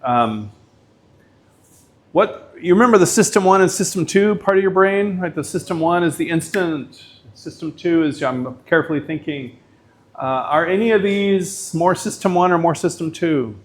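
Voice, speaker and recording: A man's voice: fairly high pitch, moderate pace. A middle-aged man, a professor, giving a lecture in a casual, chatty way, full of likes and you-knows.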